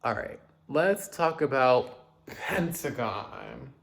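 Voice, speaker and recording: A man casually reviewing new pop releases, chatty and dramatic, with quick asides and loud outbursts. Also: medium pitch, lively intonation, gravelly. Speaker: music reviewer.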